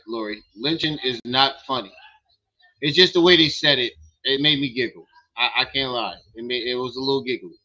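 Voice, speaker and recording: Man, livestream host, heated and profane, very sharp bright voice, dull lo-fi sound. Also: medium pitch. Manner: profane, heated, repeating his point. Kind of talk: reaction commentary.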